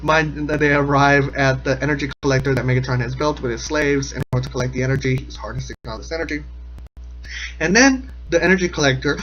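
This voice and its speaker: A man's voice: a little high, bright, forceful tone, low-quality recording. A man giving a casual, rambling comedic recap of a cartoon episode, sarcastic and often laughing. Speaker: episode commentator.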